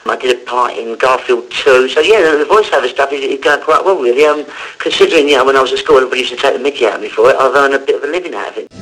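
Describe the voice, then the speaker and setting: A man with an unusually high, squeaky voice. He rattles along quickly with a bright, sharp edge. He is a lively guest telling anecdotes in casual chat. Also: low-quality recording. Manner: chatty, animated storyteller. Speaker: guest comedian and voice actor.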